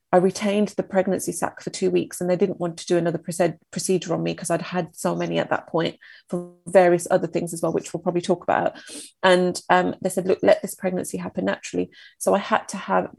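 A woman in her thirties, a podcast guest, recounting a painful personal story in a halting, emotional, reflective way. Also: lowish voice, creaky, dark tone, no room sound.

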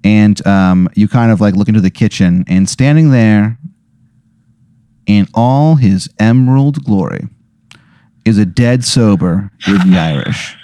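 A man's voice: lowish voice, measured pace, warm tone, clear, resonant tone, no echo. A man co-hosting a comedy podcast, telling a rambling improvised story full of fillers and restarts. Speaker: podcast co-host.

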